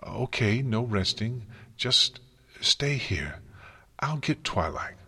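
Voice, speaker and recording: A man's voice: medium pitch, lively intonation, takes it slowly, sharp tone, husky, voice pushed up, exaggerated voice. A man voicing a refined young female unicorn, anxious and fussy, pleading in a raised, coaxing tone. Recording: long hall reverb.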